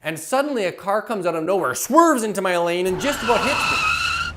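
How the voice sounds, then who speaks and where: A man working as a happiness coach, giving an enthusiastic, animated teaching talk to camera and acting out everyday scenes. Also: high-pitched, normal speed, a little hiss or hum. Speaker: happiness coach and public speaker.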